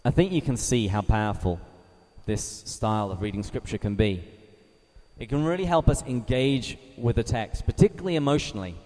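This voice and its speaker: A man from England, giving a measured teaching talk to a live group, reading scripture slowly and asking his listeners questions. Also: medium pitch, animated, dark tone. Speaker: Bible study speaker. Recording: reverberant hall.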